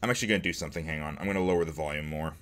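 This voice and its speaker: A let's play host with a very deep, slightly bright voice reads game text aloud very fast while he plays. He delivers the lines dramatically and cracks jokes in between.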